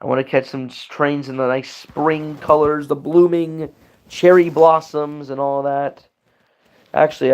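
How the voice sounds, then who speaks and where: A man's voice: medium pitch, darkish tone, smooth. A young man hosting a casual livestream Q&A, rambling and answering chat messages as he goes. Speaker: livestream host.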